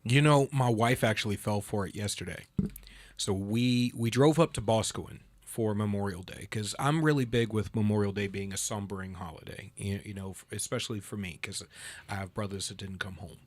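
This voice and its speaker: A man in his thirties hosting a political podcast, telling stories with lively impressions of other people. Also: fairly low pitch, brisk. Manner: animated storyteller, mimics others in a raised voice. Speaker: podcast host. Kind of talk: casual political chat.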